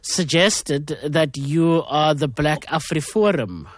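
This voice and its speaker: A man's voice: on the high side, slow pace, no echo, studio quality. A man interviewing a guest, asking his questions hesitantly with stumbles and restarts.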